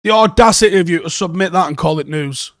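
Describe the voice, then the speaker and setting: A young man rants through a football news reaction, sarcastic and exasperated, swearing freely. His voice sits high for a man. The recording is close and dry, with no room sound. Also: steady tone, brisk, no echo. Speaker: football channel host. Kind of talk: ranting reaction commentary.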